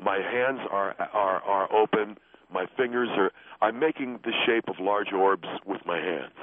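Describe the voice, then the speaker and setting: A brash, boastful man, as a host puts on another caller voice, who stammers through crude brags and gets defensive fast. He is heard over a thin, muffled phone line with a faint hiss behind him. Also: on the low side, pitched below the performer's own voice, lightly acted. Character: brash crude man, boastful self-styled love coach. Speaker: guest on a call-in show.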